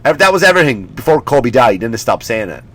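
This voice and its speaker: A man's voice: medium pitch, quick pace. A man in his forties hosting a comedy podcast, ranting with swearing and mocking impressions, a bit sniffly. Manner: animated, profane, mocking impressions. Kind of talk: comedic rant.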